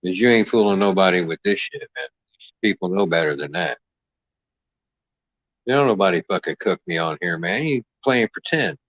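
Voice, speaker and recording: A man's voice: deep voice, moderate pace, long pauses, a bit bright, no echo. A man hosting a livestream, trash-talking a caller in a brash, profane, mocking way. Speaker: livestream host. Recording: dull lo-fi dry mic sound.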